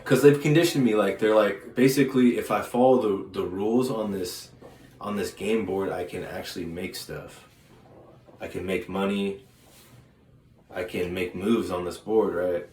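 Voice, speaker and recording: A man casually telling a long personal story, rambling and halting with frequent restarts and fillers. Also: sits low, fairly even intonation, darkish tone. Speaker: vlogger. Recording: echoey room with faint ambient noise.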